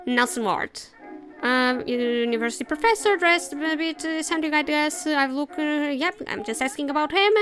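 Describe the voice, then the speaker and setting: A woman's voice: high voice, moderate pace, fairly bright tone, faint music behind. A woman playing a story game, rambling and joking at herself as she thinks aloud. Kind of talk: casual let's-play commentary.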